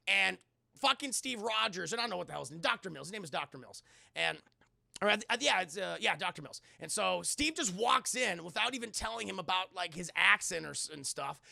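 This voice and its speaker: A man's voice: high-pitched, gravelly, bright, forceful tone, dry recording, studio quality. A man giving a rambling, profane, jokey film recap to a live chat. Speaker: streamer and film reviewer.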